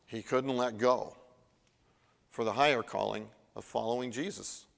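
A man's voice: mid-range voice, steady tone, unhurried, creaky. A man preaching a sermon in a conversational way, acting out the Bible dialogue as he retells it. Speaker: pastor. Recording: long reverb of a large hall.

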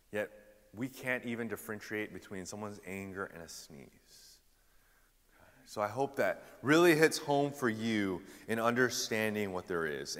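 A young man preaching a sermon, telling animated personal stories with casual fillers and loud punchlines. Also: medium pitch, long reverb tail. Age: young adult.

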